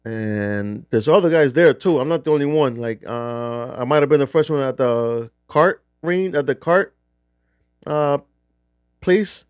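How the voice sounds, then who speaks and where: A man's voice: mid-range voice, animated, measured pace, clean tone, no room sound, studio quality. A middle-aged man from New Jersey casually telling a rambling, profane golf trip story. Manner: rambling, profane, restarts often. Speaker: golf vlogger.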